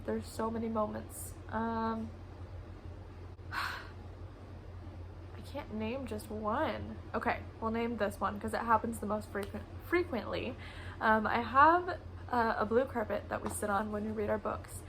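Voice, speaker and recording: A woman's voice: on the high side, slow, a bit bright, a little hiss or hum, low-quality recording. A young woman who teaches preschool, casually telling classroom stories in a vlog, often laughing. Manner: chatty, laughs often, acts out kids' voices.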